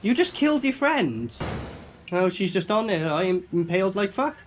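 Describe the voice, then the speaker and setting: A man's voice: high voice, very animated, normal speed, slight background noise. Blunt, sweary man reacting to a film. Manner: blunt, sweary running commentary. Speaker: movie reviewer. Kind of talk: casual film reaction commentary.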